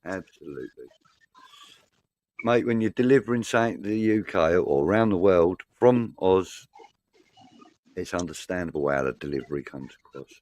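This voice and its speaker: A man's voice: sits low, lively intonation, normal speed, long pauses, darkish tone, dry recording. A man, chatting casually as a football fan show co-host. He reads out viewer comments and jokes around. The sound is dry and close. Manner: banter, swearing, laughing.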